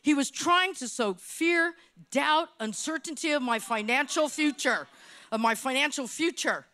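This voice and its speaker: A woman from Hawaii telling her testimony at church in an animated, dramatic style, repeating phrases for effect. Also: sits high, unhurried. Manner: animated, dramatic storytelling with repetitions. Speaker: church speaker giving testimony. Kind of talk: sermon testimony.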